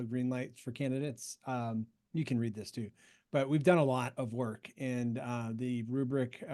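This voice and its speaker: A man on a video call reviewing past work for his committee in a halting, self-correcting way, thanking colleagues as he goes. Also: medium pitch, dark tone. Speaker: committee co-chair. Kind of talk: casual meeting update.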